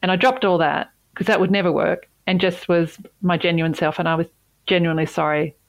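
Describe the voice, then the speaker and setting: A woman's voice: lowish voice, fairly even intonation, brisk, gravelly, dry recording, rough recording. A woman who is a company CEO, telling a personal story in an interview in an earnest, emphatic way, repeating words for stress.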